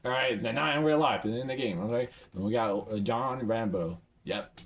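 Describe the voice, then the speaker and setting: Male gamer, casual shop commentary, excitable, rambling, sudden high pitch jumps. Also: moderate pace, a crowd in the background. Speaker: gamer browsing an item shop.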